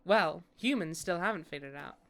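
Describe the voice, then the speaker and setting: A woman's voice: on the low side, expressive, fairly quick, a bit bright. A woman streaming a game, chatting casually in a playful, jokey way with frequent laughs. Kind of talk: casual gameplay commentary.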